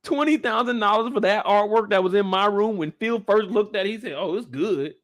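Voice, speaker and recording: High-voiced man ranting incredulously. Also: a little fast, fairly bright tone, no room sound, studio quality. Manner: incredulous ranting, repeats phrases for emphasis; talks straight to his viewers. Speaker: host of a live after-show discussion. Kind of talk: animated live reaction commentary.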